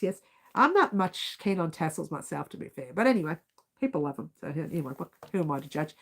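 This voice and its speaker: A woman with an Australian accent chatting casually on a live stream, giggling and reading out viewer comments. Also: a little high.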